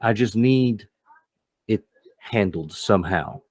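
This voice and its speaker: A man's voice: lowish voice, slow pace, a little mellow, dry recording. A man voicing a scheming male fixer with cybernetic hands, speaking formally and in a raised voice.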